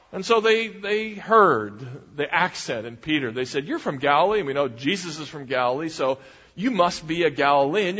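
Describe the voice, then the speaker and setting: A man's voice: mid-range voice, a bit bright. A man preaching a sermon and retelling a story, acting out the quoted lines as he goes. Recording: dull recording in a reverberant hall.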